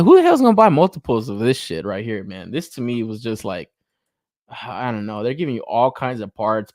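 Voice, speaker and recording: Animated, blunt male toy reviewer. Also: mid-range voice, no echo, clean studio sound. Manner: blunt, incredulous, laughs often, mocks others' hype in exaggerated voices. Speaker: podcast co-host reviewing action figures. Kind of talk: casual profane chat.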